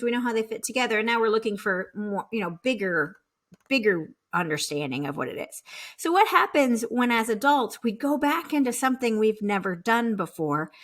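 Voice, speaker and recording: A woman's voice: fairly high pitch, a bit bright. A woman business coach giving a casual, encouraging motivational talk and acting out the worried inner voices of her listeners.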